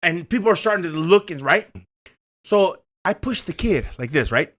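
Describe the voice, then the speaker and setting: A man's voice: high-pitched, animated, moderate pace, fairly bright tone. A man, telling a story in casual chat, acting out the voices and swearing freely. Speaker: co-host.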